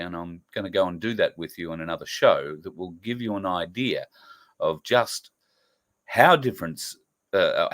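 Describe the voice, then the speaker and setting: Earnest middle-aged Australian man, low voice. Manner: earnest, emphatic, with frequent fillers. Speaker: host. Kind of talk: political commentary monologue.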